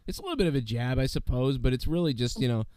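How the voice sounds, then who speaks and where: A man hosting a podcast in casual chat, his voice hoarse from being sick, rambling with lots of fillers and swearing. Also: mid-range voice, animated, racing, a little mellow, no room sound. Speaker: podcast host.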